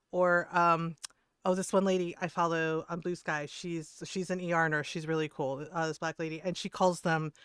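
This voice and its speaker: A woman's voice: medium pitch, a bit bright, smooth, no room sound, clean studio sound. A middle-aged woman streaming a game, chatting casually in a blunt, profane way and laughing often. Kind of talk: casual chat while gaming.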